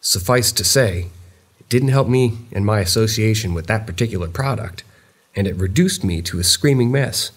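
Viewer-submitted horror stories are narrated here by a man whose voice is husky and low. The scripted reading stays steady and measured throughout.

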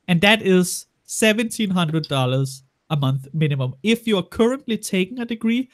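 A man's voice: high-pitched, animated, normal speed. A man in his late twenties, a guest on a livestream, telling stories bluntly with lots of swearing. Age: 20s. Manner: blunt, crude, swearing storyteller. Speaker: guest on a stream. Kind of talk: casual banter on a livestream.

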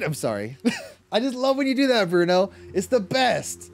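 An Irish man with a slightly high, very lively voice, chatting on a game livestream. He laughs a lot and swears at the game between chat replies. Soft music plays underneath. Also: moderate pace, vocal fry. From Ireland. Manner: animated, laughing often, cursing at the game. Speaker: streamer. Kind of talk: casual gaming livestream chat.

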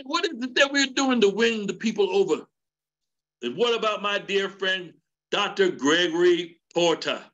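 High, bright-voiced fervent preaching man. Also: muffled recording. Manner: fervent, preaching cadence with rising shouts. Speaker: elder teaching a men's session. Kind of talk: sermon.

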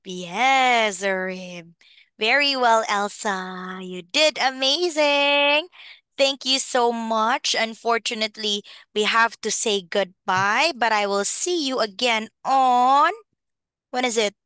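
A woman teaching a young child phonics in an online lesson, encouraging and clearly enunciated. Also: a little high, takes it slowly, pushed and bright, dry recording, studio quality. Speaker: English teacher.

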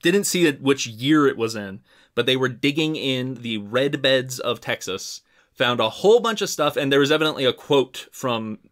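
A man co-hosting a casual science podcast at a middling pitch. He explains things in a relaxed, easygoing way and sometimes restarts his sentences. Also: moderate pace. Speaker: podcast co-host.

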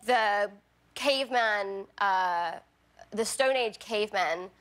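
A woman's voice: mid-range voice, slow pace, fairly bright tone. A woman in her twenties from England with a Bristol accent, a chatty, giggly guest on a talk show, full of fillers. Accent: English, Bristol. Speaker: guest actor. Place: TV studio.

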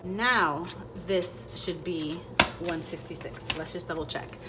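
A woman with a lowish voice vlogs her budget, speaking slowly and chatting casually as she counts bills aloud, with playful asides. The recording is very noisy.

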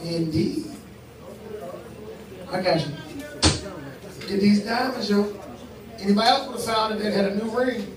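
Again working the rowdy crowd as host of a comedy crowd game, the high-voiced D.C. man trades loud, profane, teasing banter full of laughter, at a moderate pace broken by long pauses. The distant mic picks up the echoey live venue and the noisy audience.

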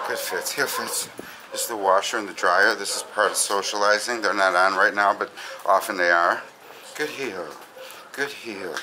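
A man training a dog, softly repeating praise and short commands, then stopping to explain what he is doing. He is picked up by a camera that a helper holds as she follows him, and loud background noise runs under his voice throughout. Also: on the low side. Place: indoors and along an outdoor path. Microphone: camera held by a helper.

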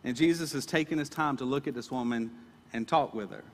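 Male pastor, earnest sermon delivery, average pitch, big reverberant room. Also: a little fast. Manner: earnest, emphatic, repeats words.

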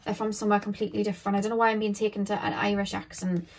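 A woman's voice: medium pitch, little pitch movement, very fast, a little mellow. A woman giving a casual pick-a-card tarot reading to her viewers, rambling and thinking aloud with lots of filler words.

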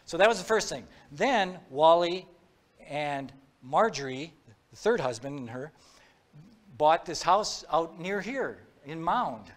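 Guy telling a crime story to an audience, kinda high voice, casual and chatty. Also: animated, slow pace. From Minnesota. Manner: conversational, with restarts and quoted dialogue. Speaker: author giving a talk. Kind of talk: storytelling talk.

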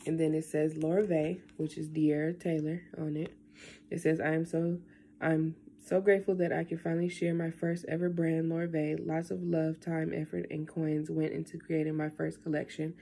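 A young woman talking casually into her camera at home, rambling and tearful, with lots of halting fillers. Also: deep voice, little pitch movement, creaky, warm tone. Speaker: vlogger. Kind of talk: casual vlog, emotional talk then unboxing.

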